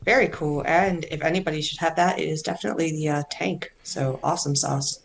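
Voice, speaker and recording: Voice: medium pitch, steady tone, fairly quick, creaky, a little hiss or hum. A player in a tabletop game, chatty and enthusiastic. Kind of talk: casual tabletop play.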